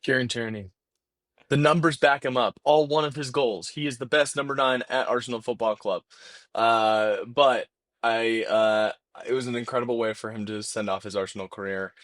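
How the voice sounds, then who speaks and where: A man's voice: mid-range voice, steady tone, moderate pace, fairly bright tone, dry recording, studio quality. A man co-hosting a casual football podcast, speaking earnestly with plenty of fillers. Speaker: podcast co-host.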